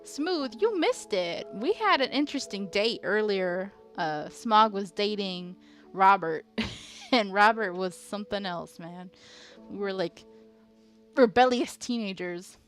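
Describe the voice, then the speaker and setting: Young woman game streamer, slow and giggly, talks to chat, easily spooked, faint music behind. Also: mid-range voice, animated. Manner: giggly, easily frightened, chats with viewers. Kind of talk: casual live-stream chat.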